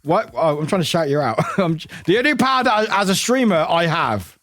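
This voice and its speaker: A man's voice: on the high side, sing-song, a little fast, a bit bright, dry recording, faint music behind. A man streaming a game and chatting casually with viewers, rambling, laughing often and swearing casually.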